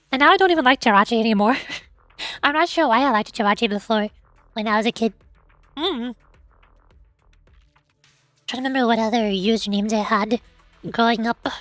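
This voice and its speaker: A woman streamer with a high, bright voice chats casually and teases her viewers with mock outrage. She sounds excitable and playful. The sound is dry and close, with faint music behind her. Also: no echo. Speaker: livestream host.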